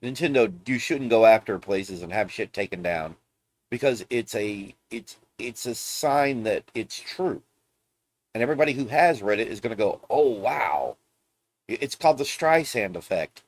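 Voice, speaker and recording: A lowish-voiced man rambles through an off-the-cuff gaming vlog. He is blunt and profane and loses the thread of his sentences now and then, and he keeps his tone conversational. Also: expressive, moderate pace. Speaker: gaming video host. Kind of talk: casual ranting vlog commentary.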